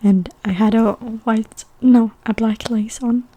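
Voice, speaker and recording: A woman's voice: a little high, steady tone, unhurried, mellow. A young woman from Sweden telling chatty stories in a whispered role-play mukbang, with a stuffy nose. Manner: chatty whispered storytelling between bites. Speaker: mukbang ASMR creator.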